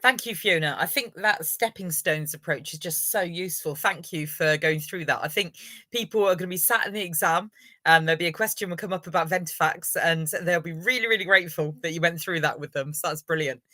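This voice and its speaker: A woman's voice: on the low side, fairly quick, bright, forceful tone, no echo. A woman hosting a live online revision lesson, encouraging viewers and running a quiz. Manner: encouraging, upbeat, praises viewers.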